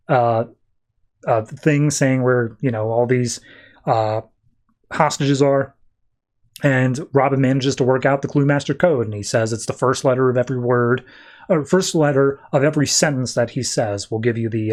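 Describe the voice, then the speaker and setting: A man's voice: mid-range voice, darkish tone. A man with a mid-range voice talks through a comic storyline on a podcast. His retelling is loose and chatty, full of "uh" and "he's like.". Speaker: podcast host. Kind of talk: casual comic book recap.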